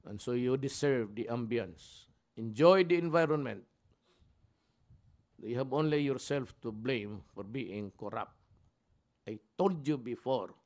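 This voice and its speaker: Blunt, rambling older Filipino man. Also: on the high side. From Philippines. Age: 70s. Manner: blunt, angry, rambling with many restarts and fillers. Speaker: president at a press conference. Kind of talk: unscripted press conference remarks.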